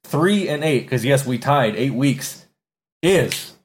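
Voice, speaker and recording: A man co-hosts a casual sports podcast in a mid-range, animated voice at a measured pace, with heavy background noise behind him. He hypes up results and announcements and sings out "ding" for every correct pick.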